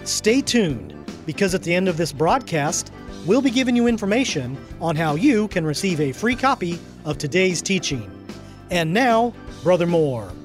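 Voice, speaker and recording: A radio announcer reading a scripted program introduction with a lively, swinging delivery. Music plays clearly underneath the whole time. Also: mid-range voice, moderate pace.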